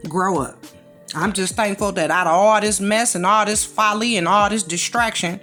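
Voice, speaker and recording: A woman hosting a casual commentary segment preaches and scolds, drawling through dismissive side remarks at normal speed. Her mid-pitched voice carries a fairly bright tone, with quiet music in the background.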